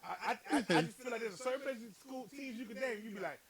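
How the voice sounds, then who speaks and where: Fast, gravelly joking male host. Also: extremely high pitch, over a noisy crowd. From Miami, United States. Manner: joking, quick interjections, mock-incredulous. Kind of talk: casual chat, banter.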